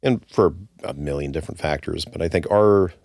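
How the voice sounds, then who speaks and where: A man, a former brewery owner, talking casually as a guest in an interview, relaxed and halting with restarts. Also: extremely low pitch, creaky, no echo, clean studio sound. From United States.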